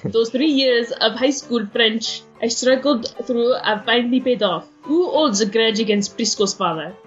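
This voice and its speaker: A woman's voice: a little high, normal speed, lo-fi sound, soft background music. A woman co-hosting a podcast, reading a listener's review aloud and laughing at herself. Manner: laughs often, self-deprecating. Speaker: podcast co-host.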